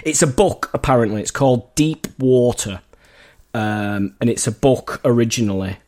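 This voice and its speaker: A man's voice: mid-range voice, moderate pace, a little mellow. Easygoing man telling anecdotes. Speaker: podcast co-host. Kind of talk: casual storytelling chat.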